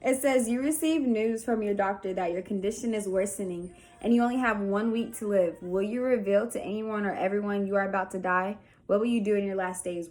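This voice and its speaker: A woman's voice: medium pitch, a little mellow. A young woman answering viewer questions in a casual vlog, chatty and candid, full of "like.". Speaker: vlogger. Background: faint music early on.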